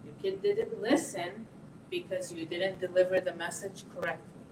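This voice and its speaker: A woman's voice: lowish voice, normal speed. A woman giving a parenting lesson to an audience. She acts out parents and teenagers and keeps asking "okay?". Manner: lively, acts out parent and teen voices, repeats "okay?". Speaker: parenting workshop speaker. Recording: echoey room, voice from a distance, faint noise.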